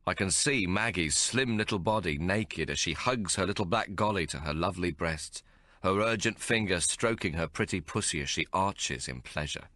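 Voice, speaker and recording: A man narrating an audiobook in the first person, measured and descriptive. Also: deep voice, bright, forceful tone, no echo, clean studio sound.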